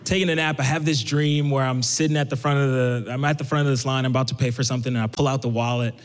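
A man's voice: mid-range voice, racing. A young man from Brooklyn telling a personal story on stage, conversational and acting out the people he quotes. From Brooklyn, USA. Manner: conversational, animated quoting. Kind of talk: live storytelling. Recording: echoey hall.

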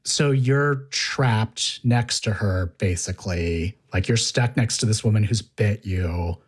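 A man's voice: lowish voice, takes it slowly, husky. A man interviewing in casual conversation, asking curious, probing follow-up questions.

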